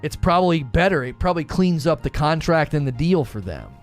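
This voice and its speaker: A man's voice: on the high side, sing-song, fairly quick, soft background music. A man hosting a gaming live stream, talking casually, rambling, joking and repeating himself as he reads chat.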